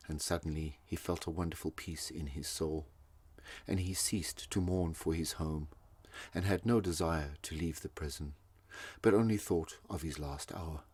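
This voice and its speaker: A man narrating a classic short story in a measured, steady manner. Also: very deep voice, slightly rough, no echo. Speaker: audiobook narrator. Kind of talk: scripted narration.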